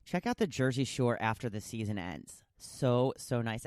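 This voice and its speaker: A woman's voice: rumbling low, lively intonation, moderate pace, darkish tone, no room sound, studio quality. A woman hosting her own podcast, chatting casually and teasing herself, then turning encouraging and motivational. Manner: chatty and self-teasing, jokes and laughs at herself. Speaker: podcast host. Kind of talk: casual solo podcast monologue.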